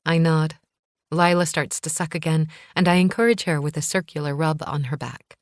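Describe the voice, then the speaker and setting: A woman reads a first-person thriller in a calm, measured voice. Her pitch sits low, and the recording is close and dry. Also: dry recording. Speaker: audiobook narrator.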